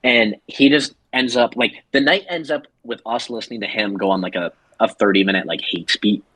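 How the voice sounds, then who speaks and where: A man's voice: lowish voice, moderate pace, pushed and bright, husky, dry recording. A man co-hosting a podcast, telling a story casually and animatedly with plenty of laughter. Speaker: podcast co-host.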